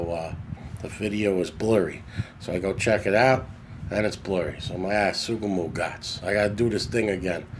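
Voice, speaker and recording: A man's voice: lowish voice, a little hiss or hum. Chatty New man on a phone. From New York. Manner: rambling, chatty, self-correcting. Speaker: podcast host. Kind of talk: casual storytelling monologue. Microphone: phone camera.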